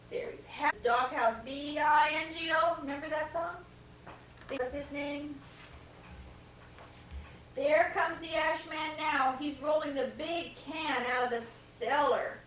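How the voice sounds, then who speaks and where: A woman's voice: high voice, fairly even intonation, measured pace, a bit bright, slight background noise. Older woman reading a storybook to a child. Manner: breaks off to comment and quiz the child. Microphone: camcorder mic across the room. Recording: old VHS home video, roomy and distant.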